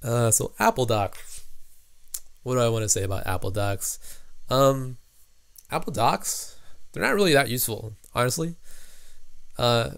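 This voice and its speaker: A man's voice: mid-range voice, animated, unhurried, vocal fry, pauses often, fairly bright tone, clean tone, dry recording. A man hosting a casual livestream, reading viewer comments and thinking aloud with lots of fillers. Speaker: livestream host, app developer.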